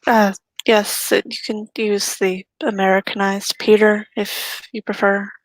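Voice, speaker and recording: A woman's voice: medium pitch, little pitch movement, unhurried, dry recording, poor audio. A woman playing a tabletop role-playing game, speaking politely and explaining in character. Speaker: tabletop role-play player.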